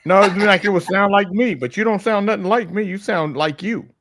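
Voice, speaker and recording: A man's voice: high voice, brisk, noisy background. A middle-aged man hosting a morning talk show, teasing his co-host and telling crude jokes in casual, profane banter.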